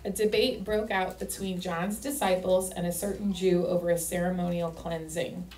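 A woman's voice: lowish voice, normal speed. Woman reading scripture in an echoey room. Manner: steady reading with short affirmations. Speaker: scripture reader. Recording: echoey room, mic at a distance.

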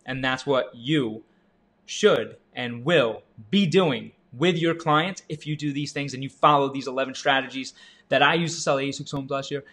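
Energetic man coaching sales. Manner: energetic, animated, jumps up in pitch for emphasis, asks the listener questions. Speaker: real estate agent and sales coach. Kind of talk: motivational sales talk to camera.

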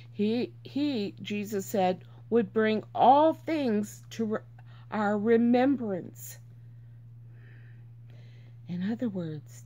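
A woman's voice: fairly high pitch, darkish tone. A woman reading Bible verses aloud and teaching from them in an earnest, informal way, repeating herself for emphasis.

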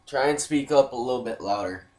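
A man's voice: medium pitch, fairly quick, a little mellow. A man hosting a game playthrough video, chatting loosely with plenty of swearing and apologies. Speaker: gaming channel host. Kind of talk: casual gameplay commentary.

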